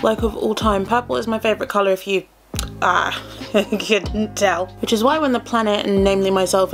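A woman's voice: medium pitch, creaky. A young woman chatting casually through a makeup tutorial at home, self-deprecating and full of rambling asides. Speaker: beauty vlogger. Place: home room, indoors. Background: faint background music.

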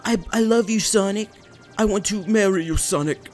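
A man voicing a clingy, lovestruck boy who pleads in a high, overdramatic way. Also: moderate pace, soft background music, natural voice. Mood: pleading.

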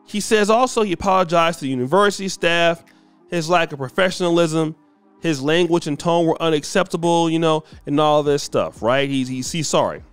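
A man's voice: on the high side, fairly quick, clean tone, dry recording, soft background music. A man hosting a commentary show, talking emphatically and repeating words as he makes his point. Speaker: commentary host. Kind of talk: casual commentary.

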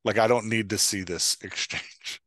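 A man co-hosting a podcast on writing, talking in a thoughtful, halting way with many restarts. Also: lowish voice, fairly bright tone, no echo. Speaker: podcast co-host. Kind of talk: casual chat.

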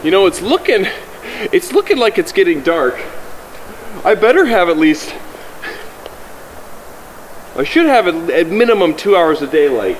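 A man's voice: high voice, big pitch swings, unhurried, long pauses, a little hiss or hum, low-quality recording. A man casually talking to camera outdoors in the winter woods, rambling and correcting himself, a little out of breath. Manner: rambling, self-correcting, chatty. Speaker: outdoor vlogger.

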